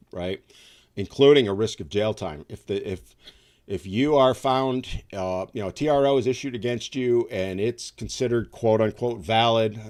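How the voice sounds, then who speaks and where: Low-voiced man hosting a livestream chat. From upstate New York. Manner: rambling, conversational, with many fillers. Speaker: livestream host.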